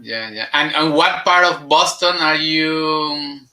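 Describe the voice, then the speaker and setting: A man's voice: on the high side, slow, pushed and bright, low-quality recording. A man hosting an interview show, playful and chatty, easily switching between two languages. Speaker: podcast host. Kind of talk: casual interview chat.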